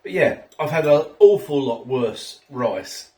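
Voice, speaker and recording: A man's voice: mid-range voice, expressive, takes it slowly, mellow, roomy sound, distant mic. A man reviewing a ready meal at home, chatty and self-mocking, a little tipsy after a few drinks. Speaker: food reviewer. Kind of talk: casual food review vlog. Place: home kitchen.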